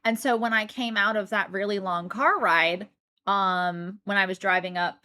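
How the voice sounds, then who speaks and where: A woman's voice: medium pitch, fairly even intonation, moderate pace, bright, forceful tone. A woman with an American accent that has a slight British influence, chatting casually on a live stream and thanking viewers in a rambling way. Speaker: Twitch streamer.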